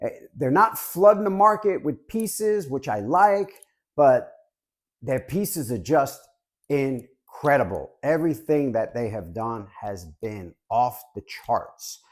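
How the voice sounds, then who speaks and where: A man in his fifties from Southern California, with a mid-range, sing-song voice and a slow delivery, reviews collectibles for his viewers. He chats casually straight to camera, cracks jokes, and keeps saying "guys."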